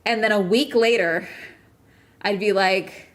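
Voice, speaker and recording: A woman's voice: mid-range voice, fairly even intonation, a little slow. Woman chatting and swearing freely. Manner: chatty, profane, ranting. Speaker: streamer host. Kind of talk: casual chat.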